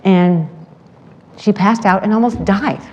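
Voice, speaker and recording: Woman presenter, mid pitch, lively storyteller who acts out quotes, echoing hall sound. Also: slow, dull audio. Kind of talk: animated storytelling talk with slides. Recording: long hall reverb.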